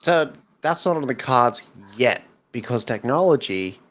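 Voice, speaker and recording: An unhurried man co-hosting a casual podcast. He talks slowly in a laid-back manner, at a middle pitch, and swears now and then. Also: animated, fairly bright tone. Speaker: podcast co-host. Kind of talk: casual chat.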